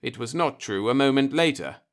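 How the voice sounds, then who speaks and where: A man reading the part of a polite, measured male alien in an audiobook, speaking with calm formality. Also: mid-range voice, natural voice. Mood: politely calm.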